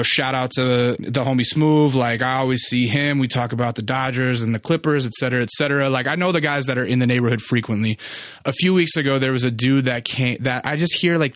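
A man's voice: mid-range voice, a bit bright, dry recording, clean studio sound. A young man hosting his own podcast, telling a story in a rambling, casual way with lots of swearing and "like". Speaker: podcast host.

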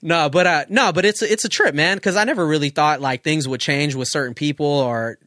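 A man's voice: on the high side, brisk, pushed and bright, dry recording, studio quality. A man in his thirties, a photographer, chatting casually and reflectively on a podcast, loose and full of profanity. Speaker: guest photographer.

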